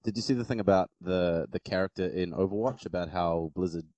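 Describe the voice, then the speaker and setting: Sarcastic guy with a really deep voice on a panel, dry sound, swears a lot. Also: a little fast, darkish tone, no echo. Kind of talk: casual panel discussion.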